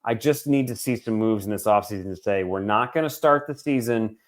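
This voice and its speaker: Animated man in his forties ranting casually. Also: on the low side, fairly quick. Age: 40s. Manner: animated, swearing, joking asides. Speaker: podcast co-host. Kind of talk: casual sports chat.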